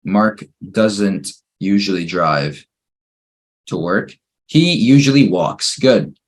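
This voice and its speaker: Husky-voiced man teaching English grammar. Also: low-pitched, slow pace. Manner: patient, steady drilling through exercises, praising each answer. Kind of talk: online grammar lesson.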